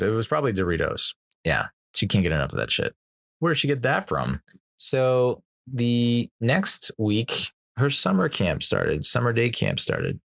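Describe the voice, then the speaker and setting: A thirtysomething male podcast host tells meandering, profane stories punctuated by frequent laughter in a casual chat. His voice is low with a fairly bright tone, recorded at studio quality with no room sound.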